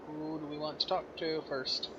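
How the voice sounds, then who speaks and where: A man's voice: fairly high pitch, level tone, moderate pace, highs cut off, noisy background. A man reading game dialogue aloud and joking around while he plays. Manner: playful, jokey, does character voices. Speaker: gaming co-host. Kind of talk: casual let's play, reading dialogue aloud.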